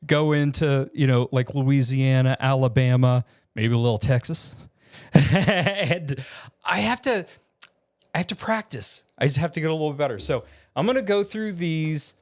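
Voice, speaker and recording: A man from Virginia chats in a relaxed vlog from his home studio. He rambles, restarts his sentences and fills pauses with ums at a mid pitch. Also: clear, resonant tone. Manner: chatty, rambling with many fillers and restarts. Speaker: vlogger. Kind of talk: casual vlog.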